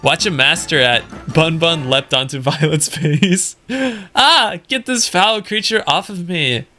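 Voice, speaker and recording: A pompous, refined young lady, voiced by a man reading for a game, lofty and formal in every word. Her tone sits fairly high and bright. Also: a little slow, soft background music. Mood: disgusted.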